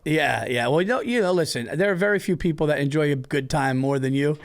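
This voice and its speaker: Guy hosting a comedy podcast, slightly high voice, acts out what people said. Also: fairly quick. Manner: animated storytelling, acts out quotes. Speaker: podcast host. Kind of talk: casual comedy podcast chat.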